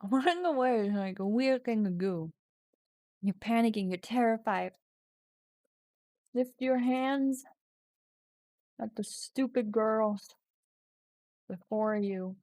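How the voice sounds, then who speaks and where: A woman's voice: on the high side, expressive, slow, long pauses, darkish tone, no room sound. A woman streaming an AI text adventure, chatting casually while she types, laughing at herself and reading story lines aloud. English is not her first language. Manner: self-mocking, laughs often, reads story text aloud. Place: home streaming setup.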